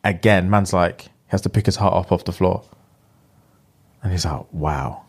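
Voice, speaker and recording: Retelling a movie's plot in slang, a young man speaks casually at normal speed in a low voice with a breathy edge, animatedly performing the characters' lines.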